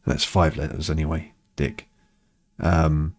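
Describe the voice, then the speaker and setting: A man's voice: sits low, a little slow. A middle-aged British man chatting casually while streaming a game, rambling and swearing in mock exasperation. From United Kingdom. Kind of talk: casual chat while gaming.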